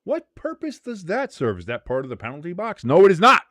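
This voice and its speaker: An American man hosting a casual watch-along chat, his voice sitting a bit high and swinging widely in pitch as he jokes and swears freely. He switches between explaining the game and ranting in a lively, animated way. The sound is dry and close. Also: fairly quick, no room sound. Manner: profane, joking, animated. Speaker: host.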